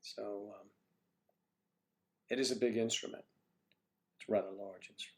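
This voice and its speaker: A man's voice: fairly low pitch, steady tone, moderate pace. Coughing man chatting on a livestream. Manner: rambling, chatty, joking with the chat. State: has a cough. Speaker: livestream host. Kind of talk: casual livestream chat answering viewers. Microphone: microphone on a stand he keeps adjusting.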